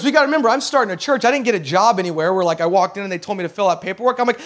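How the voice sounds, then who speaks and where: A man in his thirties preaching with a fairly high, light voice. He is animated and lively, acts out the people he quotes, and pushes up to near-shouts when he stresses a point. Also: very fast, hardly any pauses. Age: 30s. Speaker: pastor. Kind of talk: sermon.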